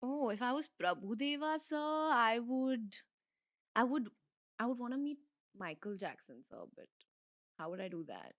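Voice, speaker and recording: A young woman with an Indian English accent, a guest in a casual interview, chatty and animated with a slightly hoarse throat, laughing and restarting her sentences. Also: a little high, moderate pace. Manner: giggly, animated, full of fillers and restarts. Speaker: interview guest, dancer and creator. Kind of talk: casual rapid-fire interview chat.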